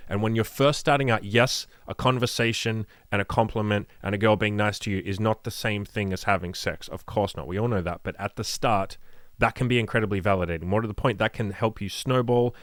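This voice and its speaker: A man's voice: lowish voice, brisk, no echo, studio quality. Blunt, profane man giving dating advice. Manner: blunt and profane, rambling with frequent "like"; frank, matter-of-fact delivery. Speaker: dating coach. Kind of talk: casual advice monologue.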